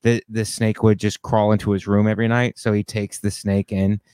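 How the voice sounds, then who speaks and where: A man, a comedian guest on a podcast, telling rambling deadpan stories with fillers. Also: on the low side, brisk, clear, resonant tone, no room sound, clean studio sound. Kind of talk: casual comedic podcast banter.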